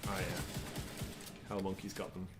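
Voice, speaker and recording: Lower-voiced man calling out gameplay. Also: completely flat delivery, normal speed, gravelly, music in the background. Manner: chatty, calls out game action. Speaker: livestream co-host. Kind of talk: casual gameplay commentary.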